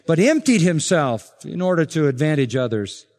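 A man preaching an expository sermon as pastor, emphatic and building to forceful points. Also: a little high, very animated, normal speed. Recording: long reverb of a large hall.

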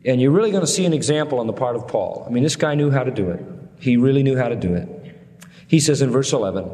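A man preaching a sermon, animated, with his pitch leaping up on questions and dropping low and quiet for sad stories. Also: quick pace. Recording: long reverb of a large hall.

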